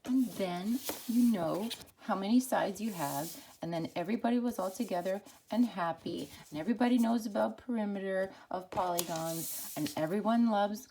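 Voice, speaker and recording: A woman's voice: mid-range voice, moderate pace, hardly any pauses, dark tone. A woman teacher telling a playful, casual math story for a lesson. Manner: casual, playful, full of like and dude.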